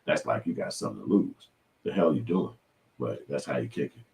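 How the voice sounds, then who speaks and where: A man giving casual, animated commentary on online clips, often breaking into loud high-pitched impressions. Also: brisk, creaky, distant mic.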